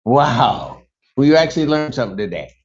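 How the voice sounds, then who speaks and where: A man's voice: sing-song, fairly quick. A man serving as a judge, lecturing a defendant in court in a stern, firm manner. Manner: stern, lecturing, jumps high in pitch when incredulous. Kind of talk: courtroom proceedings. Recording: dull courtroom audio.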